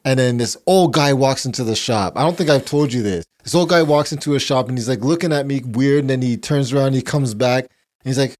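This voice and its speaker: A man's voice: medium pitch, darkish tone. A young adult man co-hosting a podcast, chatting casually, laughing easily and telling a story from work. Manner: laughs easily, quick agreeing replies, storytelling. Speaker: podcast co-host. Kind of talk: casual chat.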